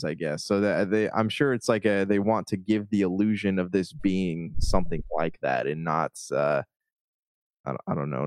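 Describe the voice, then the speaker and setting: Dude with a lowish voice, kinda hesitant, lots of restarts, dry close recording. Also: male voice, dry recording. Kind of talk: casual movie chat.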